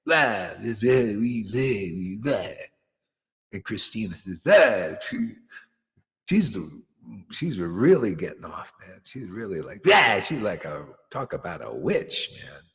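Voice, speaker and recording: Animated, scolding spiritual teacher man. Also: lowish voice, slow pace, in a large hall. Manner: scolding, mocking, dramatic swings. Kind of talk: animated storytelling talk.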